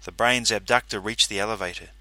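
A man's voice: lowish voice, fast, sharp tone, no room sound. A man reading a first-person story aloud, in a dry, matter-of-fact narrating manner.

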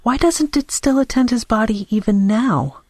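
A man's voice: extremely high pitch, normal speed, darkish tone, no echo, pitched above the performer's own voice. A man voicing a guarded, grieving young woman with a law background, pressing pointed and suspicious questions. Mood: wary.

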